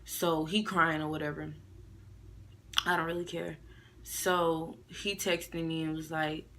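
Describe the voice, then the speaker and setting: A young woman tells a long storytime straight to camera, loose and slangy. Her voice is bright and a little low-pitched, and she jumps up into sharper voices when she quotes people. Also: takes it slowly, slight background noise. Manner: animated, slangy, acts out quotes in raised voices. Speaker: vlogger. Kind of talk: casual storytime monologue.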